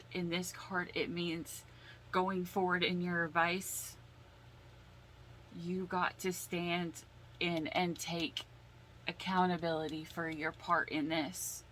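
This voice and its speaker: A tarot reader speaks casually and from the heart, slow and emotional, often sighing as she holds back tears. Her voice sits a little low and she takes her time over each phrase. The audio is poor, with a faint hiss underneath.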